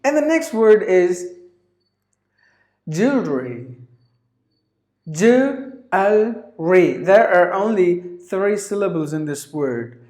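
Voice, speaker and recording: Man, pronunciation teacher, slow deliberate delivery, repeats each word, roomy echo. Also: sits high, expressive, a little mellow. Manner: repeats each word several times, drawn out. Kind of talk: pronunciation lesson.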